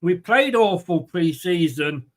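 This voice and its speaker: A man's voice: high-pitched, animated, slow. A man with a light, rambling, chatty manner, hosting a live football watchalong and reading out viewer comments. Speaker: host of a fan watchalong.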